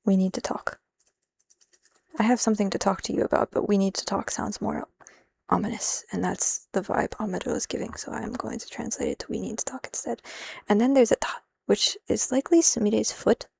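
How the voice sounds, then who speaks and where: A woman's voice: medium pitch, fairly even intonation, brisk, creaky, a little mellow, slight background noise. A woman live-streaming as she translates a manga, thinking aloud in a rambling, self-interrupting way and dropping in Japanese phrases.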